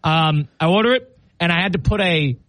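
A man's voice: fairly high pitch, normal speed, a bit bright, no room sound. A man hosting a show, telling a self-mocking story in casual on-air banter and laughing often. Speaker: radio show host.

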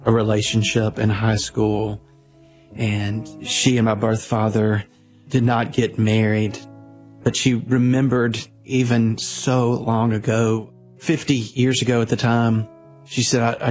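A man, a minister earnestly telling his own story, halting often and restarting. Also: on the low side, level tone, a little mellow, faint music behind. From Louisiana, USA. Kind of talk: personal storytelling.

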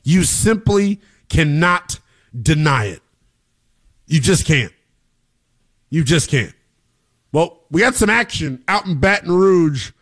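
This man's voice is on the high side with lively intonation and a fairly bright tone. Hosting a live college football talk show, he's hyped, hollering and joking with sudden muttered asides, addressing viewers directly and reading scores and chat comments aloud.

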